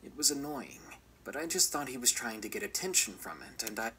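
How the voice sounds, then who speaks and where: A man reading a first-person horror story aloud as scripted narration, measured and often dropping to a whisper. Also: mid-range voice, sing-song, bright, forceful tone, breathy edge, low-quality recording.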